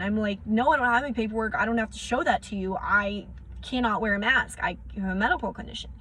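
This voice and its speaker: A young woman vlogging, frustrated and close to tears as she recounts confrontations in quick bursts of dialogue. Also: medium pitch, fairly bright tone. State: near tears. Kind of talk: emotional personal vlog rant.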